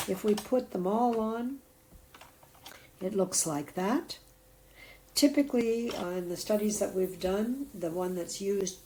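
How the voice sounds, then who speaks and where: A woman's voice: fairly low pitch, warm tone, slight background noise, rough recording. A middle-aged woman patiently walking through an app's settings step by step, narrating a product demo. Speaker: app demonstrator. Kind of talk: scripted product walkthrough narration.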